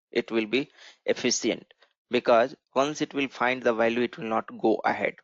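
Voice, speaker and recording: An unhurried programming instructor with a mid-range voice explains code on screen to his class, often checking in with "right?". The audio is dry and dull, from a lo-fi mic.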